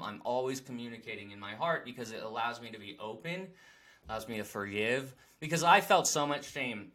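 A man talking openly and excitably in a heartfelt casual conversation. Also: medium pitch. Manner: excitable and animated.

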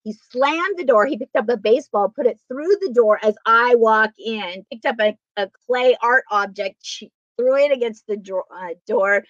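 A woman's voice: fairly high pitch, normal speed, few pauses, dry recording. A middle-aged woman, a guest telling personal stories and acting out the dialogue in them. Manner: animated, acts out dialogue in her stories. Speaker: guest speaker. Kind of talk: personal storytelling interview. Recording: dull, dry sound.

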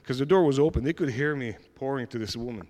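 A man giving a personal testimony, retelling events in a lively way with frequent restarts and acted-out dialogue. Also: medium pitch, fast. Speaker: church member giving a testimony.

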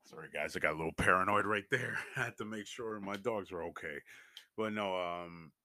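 A young man casually telling a story to his viewers, animated and swearing freely, his voice jumping up when he gets excited. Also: deep voice, fairly quick, no room sound, clean studio sound. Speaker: vlogger.

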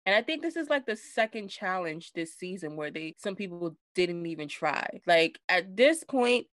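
Slangy, animated woman podcast co-host. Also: lowish voice, normal speed, no room sound. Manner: animated, slangy, does voices when quoting. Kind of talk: casual recap chat.

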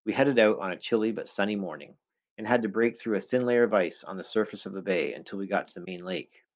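Low-voiced man reading a first-person story. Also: fast talker. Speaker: audiobook narrator.

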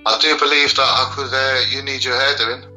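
A man with a Scouse accent talking earnestly as a guest, halting and repeating his words. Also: mid-range voice, level tone, pushed and bright, soft background music, rough recording. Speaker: guest, children's rights campaigner. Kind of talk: casual podcast interview.

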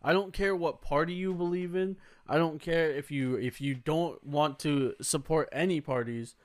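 A young man in a casual group conversation, talking heatedly and swearing often. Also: moderate pace. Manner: heated, swears a lot, rising pitch when worked up.

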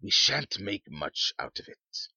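A man's voice: deep voice, very animated, bright, forceful tone, husky, dry recording, pitched above the performer's own voice, full character voice. A man reading a storybook, voicing a cheeky young man who mocks and jokes. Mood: teasing. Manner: brisk and mocking. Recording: dull lo-fi sound.

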